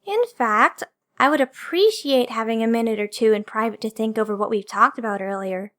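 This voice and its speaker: A woman's voice: on the high side, a little fast, fairly bright tone, natural voice. A woman reading the part of a young woman patient who speaks in a polite, composed way in an audiobook.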